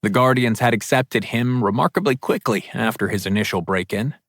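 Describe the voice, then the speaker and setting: A man reads scripted audiobook narration at a steady, descriptive pace, in a mid-range voice. The sound is close and completely dry, with no room around it. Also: mid-range voice, fairly quick, dry recording.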